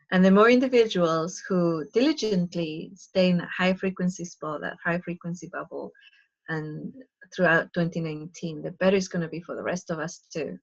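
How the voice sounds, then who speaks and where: A woman giving a live spiritual talk, chatty and expressive, telling a story and sharing advice with listeners on a call. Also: on the low side, vocal fry, lo-fi sound. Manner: chatty and expressive, acting out quoted voices. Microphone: live online call.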